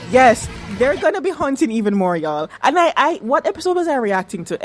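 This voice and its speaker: A reaction vlogger reviews a TV episode in a casual video, her mid-range voice swinging widely in pitch as she talks back at the screen. She speaks a little fast with hardly any pauses, repeating herself emphatically and swearing freely. Soft music plays in the background.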